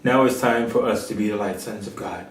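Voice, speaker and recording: A man's voice: lowish voice, a little fast, slight background noise. A man preaching a sermon, telling a parable and rising to emphatic peaks. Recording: echoey room, far from mic.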